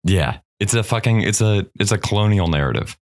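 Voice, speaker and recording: Man, low voice, lively pitch, measured, casual chat. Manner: measured, explains a point.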